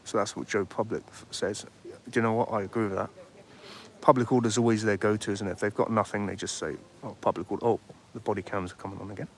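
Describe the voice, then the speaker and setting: A man's voice: fairly low pitch, steady tone, quick pace. A man hosting a casual livestream outdoors, rambling and chatting as he reads out viewer comments. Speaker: livestream host. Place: outdoors by a street. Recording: faint street noise behind.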